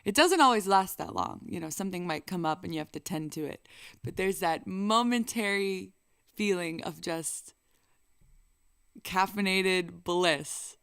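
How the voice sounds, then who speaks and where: A woman's voice: fairly low pitch, measured pace, fairly bright tone, clean tone, no echo, studio quality. A woman singer and vlogger talking casually to the camera in a playful, chatty way. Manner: playful and chatty, bursts into song.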